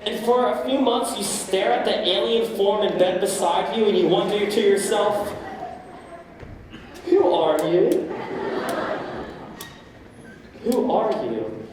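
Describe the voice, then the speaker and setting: Woman cast as a confiding middle-aged theater buff, mid-pitched voice, distant roomy stage recording. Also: fairly even intonation, moderate pace, few pauses, crowd noise, lightly acted. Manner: confiding, wistful, talks straight to the audience. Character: lonely middle-aged male theater fan narrating. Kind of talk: amateur stage musical performance.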